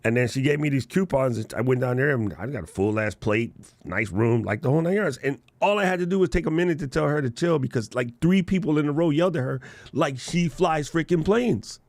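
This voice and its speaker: A man hosting a live podcast, telling stories in a slangy, animated way and laughing often. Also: medium pitch, fast, hardly any pauses, no room sound. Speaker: podcast host. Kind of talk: casual live-stream storytelling.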